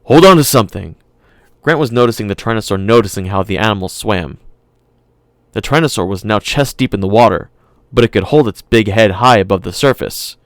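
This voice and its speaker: Smooth, low-voiced male narrator. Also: a little fast, no echo, clean studio sound. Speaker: audiobook narrator. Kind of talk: scripted narration.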